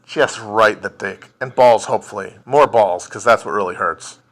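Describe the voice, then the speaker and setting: A man's voice: fairly low pitch, moderate pace, fairly bright tone. A man hosting a casual livestream chat, answering viewer questions in a blunt, profane, joking way. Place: indoors at home, streaming. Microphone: phone livestream.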